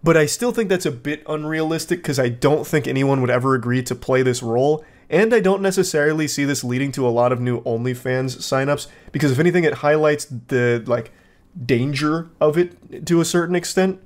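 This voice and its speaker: A man's voice: a little high, a little fast. A man hosting comedic commentary on internet videos, with dry, sarcastic mock sincerity. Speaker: host.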